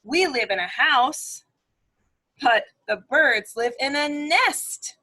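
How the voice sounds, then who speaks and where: A woman's voice: high-pitched, slow pace, poor audio. Sing-song woman reading to preschoolers. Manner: animated, sing-song storytelling with animal sounds. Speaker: speech-language pathologist. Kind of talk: reading a picture book aloud to preschoolers. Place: at home.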